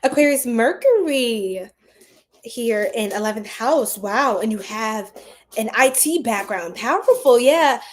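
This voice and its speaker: Young woman host with a slightly higher voice: bubbly, chatty, shouts out viewers and laughs a lot. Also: expressive, measured pace. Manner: bubbly, greets viewers by name, laughs often. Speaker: psychic livestream host. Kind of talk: casual livestream chat reading comments.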